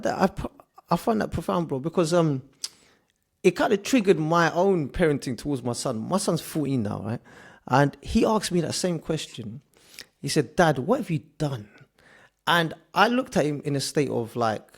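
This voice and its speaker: A man's voice: on the high side, animated, normal speed, creaky, breathy edge. A man, hosting a casual interview in a friendly, stammering way. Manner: friendly, says "bro" a lot, stammers and restarts when musing. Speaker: podcast host.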